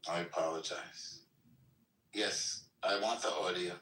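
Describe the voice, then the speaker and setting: A man hosting a casual live audio chat, animated and often stumbling over his restarts. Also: low voice, a little slow, reverberant. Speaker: host. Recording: distant mic with faint noise.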